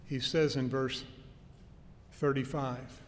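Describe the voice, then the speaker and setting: A man's voice: little pitch movement, takes it slowly. A man preaching an expository sermon, teaching earnestly with emphatic stresses and homely anecdotes. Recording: long hall reverb with faint low rumble.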